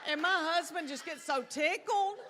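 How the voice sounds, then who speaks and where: A woman's voice: very high-pitched, normal speed, noisy background. A middle-aged woman, telling chatty, folksy stories in a stand-up comedy routine. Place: comedy stage before a live audience.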